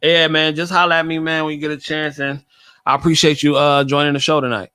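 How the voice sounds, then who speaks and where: A man's voice: fairly high pitch, little pitch movement, quick pace, sharp tone, clean tone, dry recording. A man hosting a casual talk show, laid-back and chatty, often repeating himself as he signs off. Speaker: podcast host.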